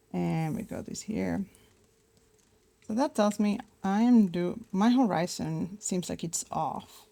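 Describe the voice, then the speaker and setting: A woman's voice: lowish voice, creaky, dark tone. A young woman teaching an art lesson in a casual, chatty way, thinking aloud as she draws, with many fillers and restarts. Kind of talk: casual live drawing lesson.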